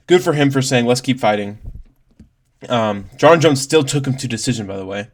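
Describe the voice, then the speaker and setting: A man ranting through a casual reaction to a fight, swearing, laughing and leaning on "like" and "bro". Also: mid-range voice. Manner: profane, exasperated, laughing, heavy on "like" and "bro". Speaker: MMA commentator vlogger.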